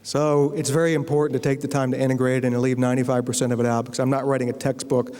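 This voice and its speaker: A man's voice: mid-range voice, level tone, very fast, mellow, faint music behind. A man from Virginia, a novelist, giving a humorous lecture full of anecdotes and telling stories in a wry way. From Virginia, USA. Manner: wry storyteller, acts out quoted voices. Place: university lecture hall. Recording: long lecture-hall reverb.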